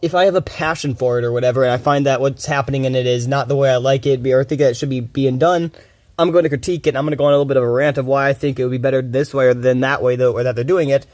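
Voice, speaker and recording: A fast, rambling male streamer, swearing freely while he talks over a game. The sound is dry and close, with hardly any room around his steady, mid-pitched voice. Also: no echo. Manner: fast-talking, rambling, profane. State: groggy from little sleep. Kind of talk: casual rambling commentary.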